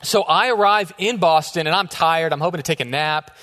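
A man's voice: on the high side, fairly quick, fairly bright tone. A man in his thirties, a youth pastor preaching a sermon in a casual, joking storytelling way. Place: church sanctuary. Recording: echoey church hall.

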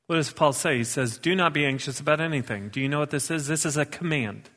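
Pastor, male, bright and forceful sermon delivery, higher voice, echoing church hall. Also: quick pace. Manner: emphatic, repeats key words with rising force.

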